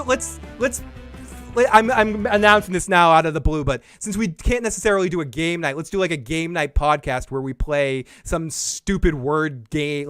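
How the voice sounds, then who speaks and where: A man co-hosting a chatty podcast, his voice sitting a bit high. He rambles and restarts his sentences, then ends on energetic sign-offs. Faint music plays behind him. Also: clean tone, dry recording, clean studio sound. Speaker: podcast co-host. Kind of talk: casual chat.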